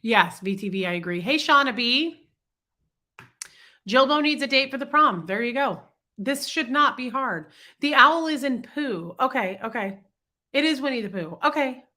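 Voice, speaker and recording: Livestream host, woman, bright voice thickened by congestion, chatty and greeting viewers by name. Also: high voice, lively intonation, normal speed. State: congested, sick voice. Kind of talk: casual livestream chat reading comments.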